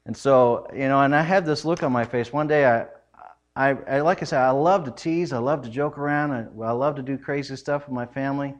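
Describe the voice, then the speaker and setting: A middle-aged man preaching a sermon, telling family stories in an animated way with frequent laughs. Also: mid-range voice, brisk. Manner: animated, laughing often, loud acted quotes. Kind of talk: humorous storytelling sermon.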